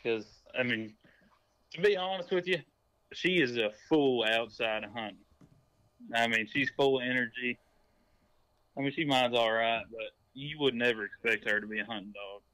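Bright-voiced man, easygoing. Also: medium pitch, moderate pace, no room sound, poor audio. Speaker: podcast guest. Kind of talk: casual chat.

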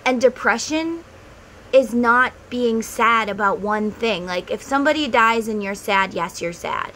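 A middle-aged woman with a slightly high voice, talking straight to her viewers in an earnest, heartfelt way. Her advice comes in a casual vlog style, with a faint hiss of background noise behind her. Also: expressive, a little slow, bright, forceful tone, poor audio. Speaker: tarot and spiritual vlogger.

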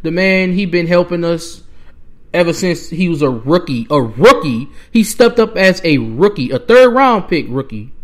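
Heated high-voiced young man ranting. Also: animated, moderate pace. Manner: heated, exasperated, repetitive. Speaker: podcast host. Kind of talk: fan rant.

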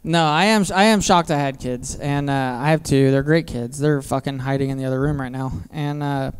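A man in his thirties doing a stand-up comedy set on a theater stage, telling crude family stories with a deadpan, self-mocking delivery into a handheld mic. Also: medium pitch, normal speed, a little hiss or hum.

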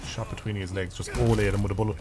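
Talking fast in a fairly low, steady voice, this gaming streamer jokes and swears his way through a loose, rambling commentary while he plays. Background noise is audible.

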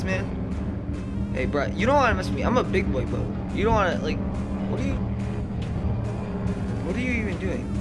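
A male gaming YouTuber giving excitable let's-play commentary, often shrieking and laughing at the game. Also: high voice, moderate pace, long pauses. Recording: game music playing loudly behind. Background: game music and sirens.

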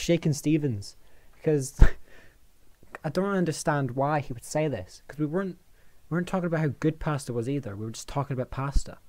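Man, dark mellow tone, sweary mock-outraged rant full of restarts and exaggerated indignation. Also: mid-range voice, brisk. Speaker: video maker.

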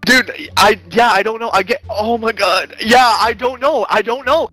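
Young man, high voice, excitable, rambling, swearing, keeps saying bro, headset mic, casual gaming chat. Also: moderate pace, soft background music, rough recording. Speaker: online player in game voice chat.

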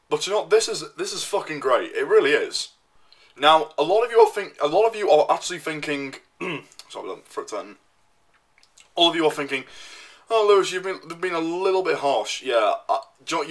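Young guy, vlog rant, bright tense tone, slightly high, foul-mouthed and repetitive. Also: breathy edge. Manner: swears constantly, repeats himself, loud and worked up. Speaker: vlogger. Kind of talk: profane ranting monologue.

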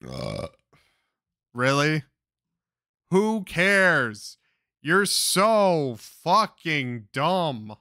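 A man's voice: fairly high pitch, wildly swooping pitch, extremely slow, long pauses, bright, forceful tone, no echo, clean studio sound. Profane, exasperated young man ranting. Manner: crude, exasperated, swearing constantly. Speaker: commentator reacting to clips.

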